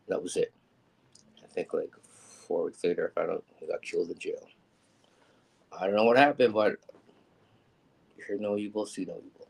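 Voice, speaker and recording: A man's voice: low-pitched, moderate pace, gravelly, pauses often, breathy edge, poor audio. A man candidly telling a personal story on a live show, rambling with many ums and acting out what people said.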